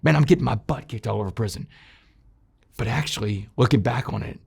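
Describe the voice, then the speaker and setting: Gravelly, husky man telling his story. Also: brisk. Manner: swings from loud emphatic bursts to low, quiet passages; addresses listeners directly as "y'all". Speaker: interview guest recounting his past. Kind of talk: emotional personal storytelling.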